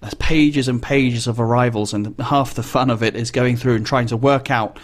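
A man who flies business jets, talking casually and explaining things in a wry, conversational way, with frequent pauses to think. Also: medium pitch, steady tone. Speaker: business jet pilot.

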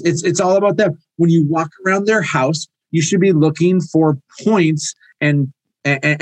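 Energetic guy coaching realtors online, kinda higher voice, dry close sound. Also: no echo, rough recording. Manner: energetic, storytelling, acts out quoted dialogue. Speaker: real estate coach. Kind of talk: live online training talk.

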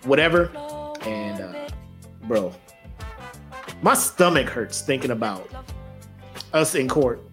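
A man's voice: mid-range voice, animated, takes it slowly, pauses often, a bit bright, faint music behind. A man in his forties co-hosting a podcast, talking loosely, joking, swearing freely and laughing often. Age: 40s. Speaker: podcast co-host. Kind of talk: casual podcast banter.

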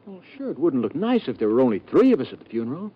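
An actor playing a jittery young male secretary who talks in a hurried, stammering rush, in 1950s radio drama style. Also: mid-range voice, big pitch swings, breathy edge. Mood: flustered. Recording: dull lo-fi old radio recording.

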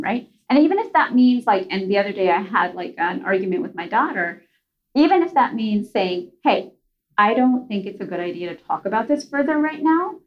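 Middle aged lady pediatrician, earnest and rambly, restarts a lot, dull lo-fi audio. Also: medium pitch. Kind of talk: interview guest.

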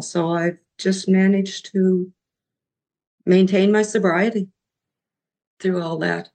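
A woman, a podcast guest telling her recovery story in a reflective, halting way. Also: mid-range voice, steady tone, darkish tone.

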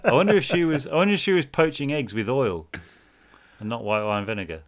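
Man, podcast co-host, casual, friendly, mid pitch. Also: fast talker. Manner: friendly, reads listener questions.

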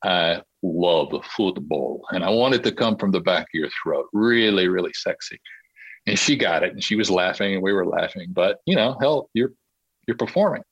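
A man tells a long anecdote as a podcast guest, his fairly low voice animated and often breaking into laughter. The recording is dry and close, with almost no room sound. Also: a little fast, breathy edge, no room sound, dull audio. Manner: lively storyteller who laughs through his own tale. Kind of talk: anecdotal storytelling.

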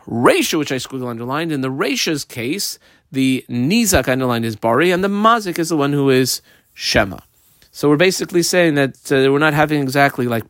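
A man's voice: on the high side, fairly bright tone, dry recording, studio quality. A man teaching a daily Talmud lesson, explaining the text step by step with frequent fillers.

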